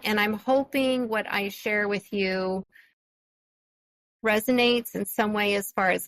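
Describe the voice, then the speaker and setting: A woman's voice: mid-range voice, gravelly, fairly bright tone, no room sound, poor audio. A woman hosting a solo podcast, telling a personal story in a chatty, enthusiastic way with frequent fillers. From California. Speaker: podcast host.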